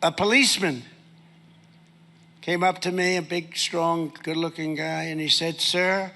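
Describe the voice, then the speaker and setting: A man's voice: a little high, level tone, unhurried, vocal fry, sharp tone. An older man giving a rambling, boastful rally speech, drifting between stories. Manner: boastful, digressive.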